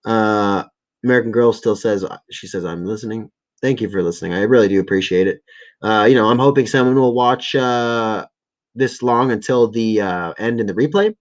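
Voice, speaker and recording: A man's voice: lowish voice, normal speed, poor audio. A man hosting a casual livestream, reading articles and viewer comments aloud, stumbling over words, correcting himself and swearing often, sounding a little tired. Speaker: livestream host.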